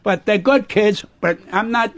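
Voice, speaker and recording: A man's voice: high voice, measured pace. An older man telling stories as a guest on a radio talk show, blunt and full of swearing. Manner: profane, blunt, animated storytelling. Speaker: comedian guest. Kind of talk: casual radio chat.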